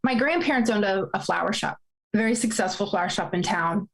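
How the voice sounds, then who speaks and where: A woman's voice: mid-range voice, animated, fast talker, poor audio. A woman in her forties telling a painful personal story, fighting back tears as she speaks. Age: 40s. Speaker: guest.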